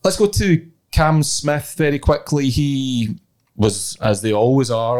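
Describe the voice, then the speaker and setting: A man in a mid-range voice hosts a podcast in casual chat. He speaks in a measured way and guides the conversation. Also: medium pitch, darkish tone. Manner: measured, steers the conversation, thinks aloud. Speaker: podcast host.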